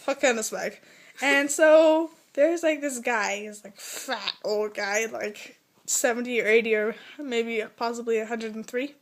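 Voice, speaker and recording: High-voiced, giggly American young woman. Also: a little slow. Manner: animated, giggly, lots of "like". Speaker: vlogger. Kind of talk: casual storytelling.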